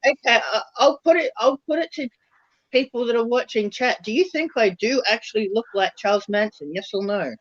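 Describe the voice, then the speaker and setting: A man's voice: very high voice, lively intonation, fairly bright tone, dry recording, highs cut off. A man co-hosting a stream, teasing and butting in with jokes. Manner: teasing, jokey, quick to butt in. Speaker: co-host. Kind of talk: casual banter.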